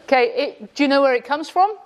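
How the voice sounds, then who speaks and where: A woman lecturer with a slightly high voice teases a live group with sarcastic quiz questions. She mixes jokes into a classroom talk in an indoor room. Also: expressive, quick pace. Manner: quizzing the audience.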